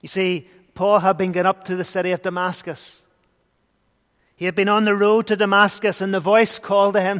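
A man's voice: high-pitched, little pitch movement, moderate pace, fairly bright tone. A man preaching a sermon in a church, earnest, with emphatic swells. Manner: earnest, rising to emphatic bursts. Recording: long church hall reverb.

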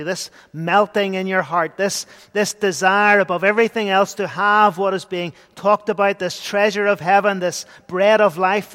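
High-voiced preacher in reverb. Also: male voice, a bit bright. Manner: earnest, rising to emphatic bursts. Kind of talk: sermon. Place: church. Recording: long church hall reverb.

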